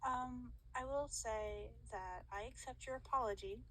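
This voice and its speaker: A woman speaks in a somewhat high voice, stopping and restarting as she testifies in a playful mock trial held over voice chat. Her delivery is hesitant, with laughter kept just under the surface. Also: a bit bright, rough recording. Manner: hesitant, halting, stifling laughs. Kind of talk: casual role-play over voice chat.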